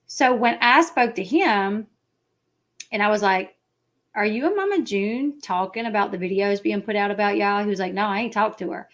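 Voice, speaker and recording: A woman's voice: mid-range voice, normal speed. Southern woman rambling on a casual stream, country twang, mimics people she quotes. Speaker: YouTube commentary host. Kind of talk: casual livestream chat.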